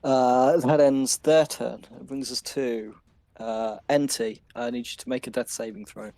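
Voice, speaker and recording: Slow-talking game master, dry close sound. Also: male voice, mid-range voice, level tone, mellow, no echo. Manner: unhurried, loose narration with many fillers. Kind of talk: narrating a tabletop game.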